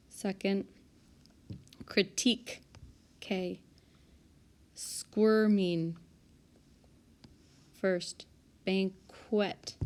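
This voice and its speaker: A woman teacher calmly and methodically working through a spelling list for small reading groups, correcting herself aloud now and then. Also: mid-range voice. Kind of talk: recorded spelling lesson walkthrough. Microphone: tablet microphone.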